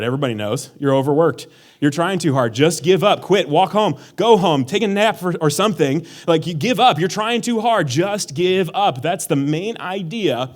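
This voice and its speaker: A man giving a casual sermon as pastor, joking and sarcastic, talking conversationally with many fillers. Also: a little high. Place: church hall.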